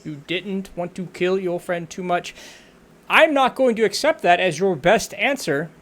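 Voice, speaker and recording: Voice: mid-range voice, lively intonation, a little slow, fairly bright tone. A game master doing a barking drill-sergeant War Master. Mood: stern. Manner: barking, commanding.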